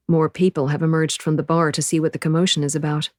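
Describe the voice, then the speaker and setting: A woman's voice: deep voice, level tone, fast, no echo, clean studio sound. A woman narrating a novel in the first person, with an intense, breathless inner-monologue delivery. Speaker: audiobook narrator.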